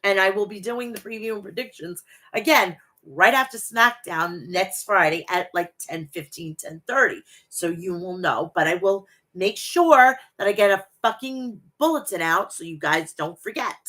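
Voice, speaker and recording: With a medium-pitched, lively voice that's pushed and bright, she talks at normal speed. This forties-aged wrestling podcast host goes through her live chat casually, swearing, gushing and drifting from point to point.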